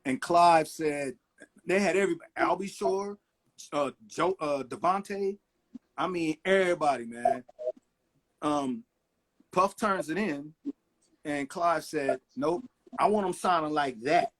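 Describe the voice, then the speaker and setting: A man's voice: on the high side, unhurried, long pauses. A middle-aged man, a record producer, telling stories in a casual interview and acting out the people he quotes. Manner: animated storyteller acting out quotes.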